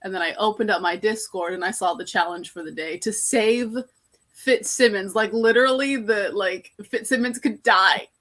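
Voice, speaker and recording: An American woman chatting casually on a livestream, telling rambling, animated asides. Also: mid-range voice, normal speed. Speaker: livestream guest. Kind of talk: casual chat.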